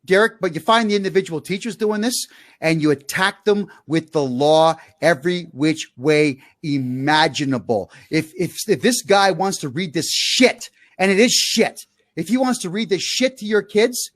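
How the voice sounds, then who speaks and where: A talk-show host with a high-pitched man's voice, ranting in a loud, angry tone. He hammers at the audience with fierce, forceful delivery. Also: normal speed. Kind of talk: fiery talk-show rant.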